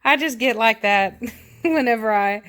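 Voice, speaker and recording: A woman voicing her female house cat in a higher, soft cooing voice. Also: measured pace. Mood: sweet apologetic. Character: sassy female house cat, contrite and cuddly.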